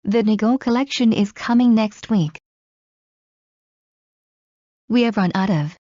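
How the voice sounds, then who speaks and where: A woman reading everyday English phrases aloud one by one, in a measured drill with a pause after each phrase. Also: medium pitch, dark tone, no room sound. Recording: dull lo-fi dry recording.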